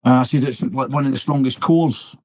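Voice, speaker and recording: A man's voice: medium pitch, a little fast, a little mellow, no room sound, poor audio. Rambling Scottish man telling a story. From Scotland. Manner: rambling, repeats words, "I says" storytelling. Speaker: interview guest, military pipe band drummer. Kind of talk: conversational storytelling.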